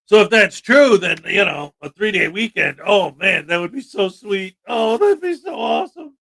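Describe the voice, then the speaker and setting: A man hosting a casual livestream chat, joking and animated with sudden loud bursts. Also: sits high, moderate pace, gravelly. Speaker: livestream host.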